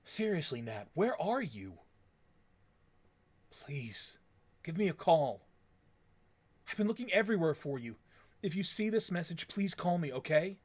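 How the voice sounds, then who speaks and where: A man's voice: on the high side, big pitch swings, unhurried, long pauses. A man voicing a polite, earnest middle-aged husband who pleads and worries. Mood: anxious.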